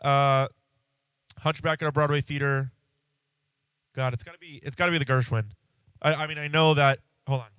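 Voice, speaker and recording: A man's voice: fairly high pitch, fairly even intonation, moderate pace, long pauses, a bit bright, clean tone, no room sound. A congested man hosting a podcast, chatting casually and rambling, cutting himself off and swearing now and then. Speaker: podcast host. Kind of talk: casual solo podcast chat.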